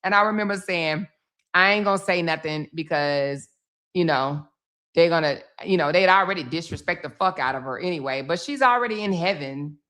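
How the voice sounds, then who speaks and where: A woman's voice: lowish voice, normal speed, fairly bright tone. Chatty woman livestream host. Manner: chatty storytelling, swearing, acts out others' lines. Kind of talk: casual livestream commentary.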